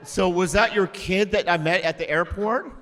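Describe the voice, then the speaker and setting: A man co-hosting a live podcast who speaks in goofy, shouty bursts and acts mock-offended. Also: high voice, moderate pace, long reverb tail. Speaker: podcast co-host.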